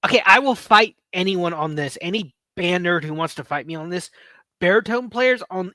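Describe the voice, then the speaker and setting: A man's voice: on the high side, pushed and bright, no echo. A man in his late thirties hosting a livestream, telling rambling stories and joking with his chat. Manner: rambling, storytelling, playful with chat. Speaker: livestream host. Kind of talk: casual livestream chat with viewers.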